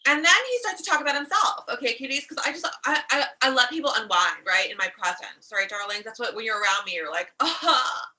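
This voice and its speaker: A woman's voice: fairly high pitch, fast, hardly any pauses, sharp tone, far from the mic, poor audio. Sassy, profane woman coaching from afar. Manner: profane, sassy, calls listeners darlings. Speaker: life coach. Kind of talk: comedic live stream monologue. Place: outdoors in a warm country. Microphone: phone live stream.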